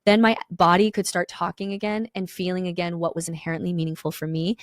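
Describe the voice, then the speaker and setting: Podcast host, woman, quick and frank, low voice, close dry sound. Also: little pitch movement, dry recording. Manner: candid, reflective, occasional swearing. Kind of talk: casual discussion.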